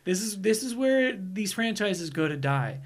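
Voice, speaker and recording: A man's voice: high voice, sing-song, measured pace, crowd noise. A man co-hosting a movie podcast in casual, joking chat, laughing often. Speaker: podcast co-host.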